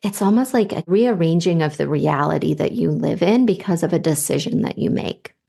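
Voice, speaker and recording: Woman host, low gravelly voice, slow, soft-spoken intuitive reader. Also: animated. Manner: soft, unhurried, with light laughs. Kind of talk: slow, spiritual guidance reading.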